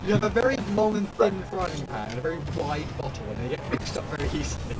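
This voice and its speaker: A man's voice: fairly high pitch, sing-song, fast, loud music behind the voice. Teasing, sarcastic young-sounding man. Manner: teasing, dramatic storytelling with sarcasm. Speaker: gaming channel co-host. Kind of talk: casual gaming chat.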